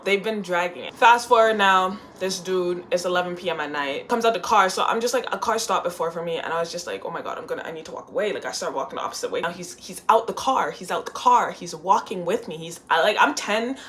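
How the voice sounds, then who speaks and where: A young woman chatting casually in a sit-down storytime, animated and full of "like" and "y'all", talking at home. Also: medium pitch, quick pace, few pauses. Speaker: vlogger. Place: indoors at home, seated.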